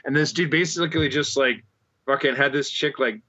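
A man's voice: mid-range voice, brisk, pushed and bright, lo-fi sound. A man co-hosting a podcast, stammering through crude, wry stories full of swearing. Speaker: podcast co-host. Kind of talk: crude casual banter.

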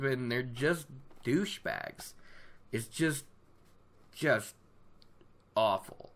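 A host giving a casual book recap, animated and opinionated, laughing often. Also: medium pitch, very slow, long pauses.

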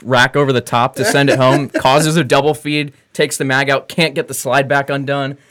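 A man on a casual podcast telling a wry, profane story in an even, mid-pitched voice. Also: normal speed.

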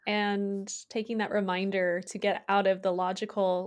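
A woman's voice: medium pitch, little pitch movement, normal speed, few pauses. A woman hosting an interview, who sums up and thanks her guest in an appreciative, affirming way. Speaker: host. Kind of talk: casual interview.

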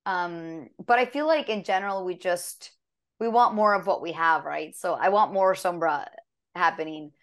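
A woman voice actress chatting casually in an interview, telling stories with lively acted quotes. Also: on the low side, normal speed. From half American. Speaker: voice actress guest.

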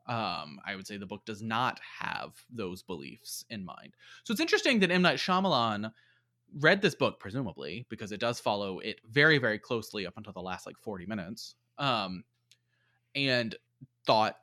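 A man's voice: medium pitch, pushed and bright. A man casually reviewing a movie on a podcast, rambling with lots of fillers. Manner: rambling, many fillers and likes. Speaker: podcast co-host.

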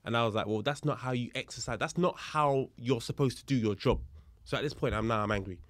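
In a mid-range voice, fast and studio-clean with no echo, a police officer tells a story as a podcast guest. His retelling is lively, voicing each party in the exchange while he explains the legal details in easygoing conversation.

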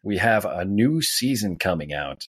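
Low-voiced man chatting on a podcast. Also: measured pace, slightly rough, no room sound, studio quality. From Wisconsin. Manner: relaxed, rambling, with fillers and restarts. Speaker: podcast guest. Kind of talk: casual podcast chat.

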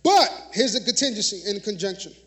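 Here the preacher's voice is high and sing-song, fairly quick, with a fairly bright tone. A minister in a church sanctuary, he talks conversationally, laughs a lot, and leans on "y'all" and "right?" while getting the congregation to echo words back.

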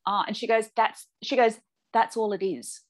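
A woman's voice: on the high side, steady tone, normal speed. A woman, a clairvoyant medium telling her story as a podcast guest, chatty and acting out the dialogue she quotes. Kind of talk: casual podcast interview.

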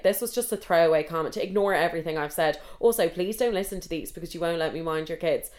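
Animated, sweary young Irish woman. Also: lowish voice, fast, hardly any pauses. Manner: animated, sweary, rising to loud outbursts. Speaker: podcast storyteller. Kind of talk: casual storytelling.

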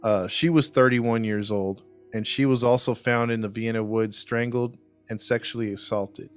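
A man's voice: medium pitch, fairly even intonation, normal speed, clean tone, faint music behind. A man co-hosting a casual true-crime podcast, telling the story with lots of fillers and restarts. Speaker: podcast co-host.

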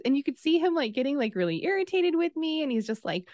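A woman in her thirties telling a personal story in casual conversation, acting out the quoted dialogue with lively swings in her voice. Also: sits high, brisk, no room sound, studio quality. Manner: animated, acts out quoted dialogue.

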